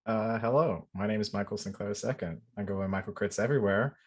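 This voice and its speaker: A man with a slightly low voice introduces himself to a livestream audience. He is shy and self-deprecating, but friendly. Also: quick pace, slightly rough. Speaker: player. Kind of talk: livestream chat.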